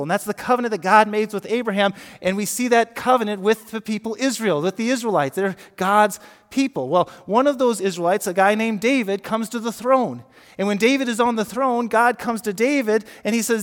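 A man's voice: high voice, brisk. A man preaching a conversational sermon as pastor, often repeating words and asking rhetorical questions. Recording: echoey hall with long reverb.

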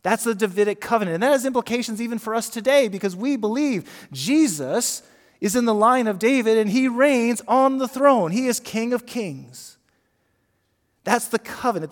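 A man preaching a conversational sermon as pastor, often repeating words and asking rhetorical questions. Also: high voice. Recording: echoey hall with long reverb.

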